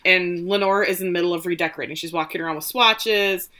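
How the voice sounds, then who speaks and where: A woman's voice: lowish voice, fast. A young woman co-hosting a podcast, chatting casually and animatedly, swearing freely and retelling scenes. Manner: animated, swearing, reads out lines in quotes. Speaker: podcast co-host. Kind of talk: casual recap chat.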